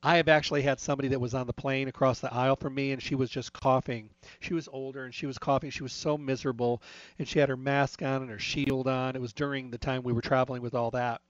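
A man chats casually about health, telling anecdotes and retelling conversations line by line. His mid-range voice is flat and fast, and the recording is dry with a slightly dull, lo-fi sound.

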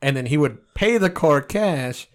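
A man's voice: a little high, animated, a little slow. Profane storytelling man, casual podcast. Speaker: podcast co-host. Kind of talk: casual chat.

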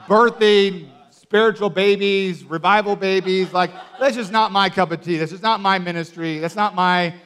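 A man preaching a sermon, telling a story in a casual, filler-heavy way and acting out the people in it with loud outbursts. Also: sits high, normal speed. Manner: animated, acts out quotes with loud outbursts.

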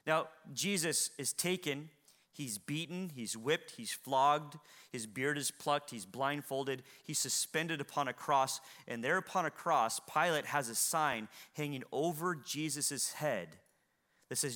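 A male pastor delivering a dramatic sermon in a church. His voice sits high and rings bright. He swings between ringing near-shouts and hushed low lines. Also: lively intonation, a little slow. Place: church hall with congregation.

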